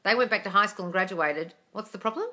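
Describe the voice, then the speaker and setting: A woman's voice: medium pitch, fast talker, sharp tone. A young woman hosting a casual live Q&A, answering viewer comments bluntly, swearing freely and calling people darling. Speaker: manifesting coach and livestream host.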